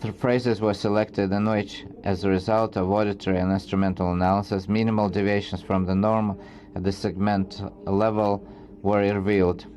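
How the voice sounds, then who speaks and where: A man giving an academic research presentation, reading from slides in a halting way with frequent restarts. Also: on the low side, flat delivery, a little mellow.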